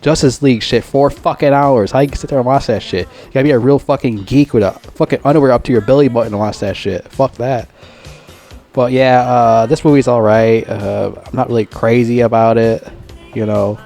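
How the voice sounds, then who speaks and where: A man in the middle of a loose, unscripted film review, his voice pitched at an ordinary middle register. He rambles and swears freely, backing up and restarting his thoughts as he goes. Faint music plays softly behind him. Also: fairly even intonation, brisk, gravelly. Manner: profane, rambling, heavy swearing and fillers.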